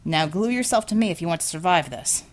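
A woman's voice: fairly low pitch, animated, fast talker, lightly acted. A woman voicing a cocky, scheming male superhero who talks with brash, teasing salesman patter. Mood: wry teasing.

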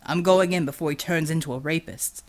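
Woman reading as a level-headed male hero, low measured voice, audiobook. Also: close to an everyday voice. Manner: measured, explanatory.

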